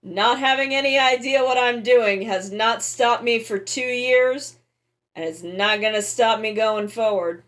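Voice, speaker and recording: A woman streamer chatting casually while giving tarot readings, joking about herself and swearing freely, speaking softly and close to the mic. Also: a little high, unhurried. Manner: soft, quiet near-ASMR voice close to the mic. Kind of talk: casual live-stream chat. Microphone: close microphone.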